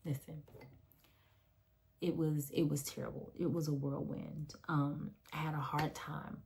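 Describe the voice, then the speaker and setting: Woman, phone selfie vlog, husky, gravelly, slow, emotional testimony. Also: low-pitched, level tone, a little mellow. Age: adult, mother of three. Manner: emotional, earnest, repeats phrases for emphasis. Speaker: vlogger sharing a personal story. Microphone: phone front camera.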